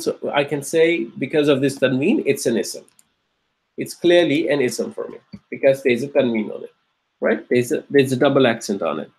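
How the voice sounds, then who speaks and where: A man's voice: medium pitch, gravelly, low-quality recording. A man teaching an Arabic grammar lecture, repeating each word and checking in with his students. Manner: repeats words slowly, asks checking questions. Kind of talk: classroom lecture.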